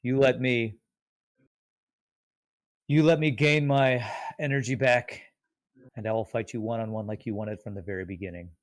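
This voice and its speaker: A man's voice: mid-range voice, fairly even intonation, normal speed, pauses often, no echo, natural voice. Man playing a weary, defiant fighter. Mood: weary, resolute. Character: weary adult male fighter, worn out by fear, defiant.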